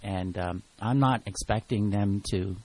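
A man co-hosting a radio show in a studio, talking casually and at length. His voice sits on the low side with a husky edge. He chats freely and easily. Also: unhurried. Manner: chatty, animated when acting out clients. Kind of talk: casual chat.

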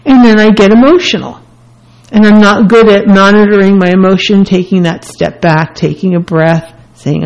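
A woman's voice: medium pitch, steady tone, normal speed, muffled recording. A woman hosting a self-help radio talk, speaking earnestly and candidly in short repeated phrases. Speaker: radio host.

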